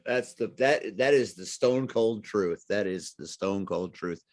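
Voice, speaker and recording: A man's voice: lowish voice, unhurried, no echo, studio quality. A male interview host who speaks in an effusive, showman-like way while closing the interview.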